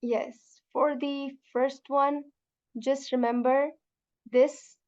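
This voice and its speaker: High-voiced woman teaching Arabic sounds. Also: flat delivery, darkish tone, highs cut off. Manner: patient, repeats each sound slowly for students to copy; addresses students as sister. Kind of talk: beginner pronunciation lesson.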